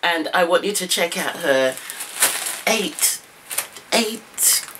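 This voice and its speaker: Woman craft vlogger, gushing and exclaiming, lowish voice, noisy home camera recording. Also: takes it slowly. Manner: gushing, excitable, repeated exclamations. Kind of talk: unboxing vlog. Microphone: camera mic.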